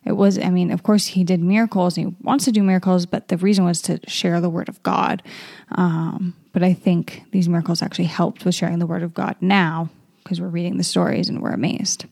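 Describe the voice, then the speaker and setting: A young woman reads a scripture passage aloud, then reflects on it in a loose, chatty way, trailing off into fillers and restarts. Her voice is mellow and a little gravelly. The sound is close and dry, with no room around it. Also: lowish voice, little pitch movement, fairly quick, dry recording. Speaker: Bible reading host. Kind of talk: casual Bible reading and reflection.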